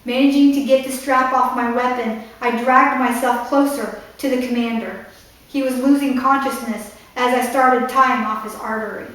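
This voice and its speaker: A woman's voice: a little high, fairly even intonation, moderate pace, fairly bright tone. Woman author reading aloud in an echoey room. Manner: breaks off to explain the story in asides. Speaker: author reading her novel. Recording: echoey room, distant mic.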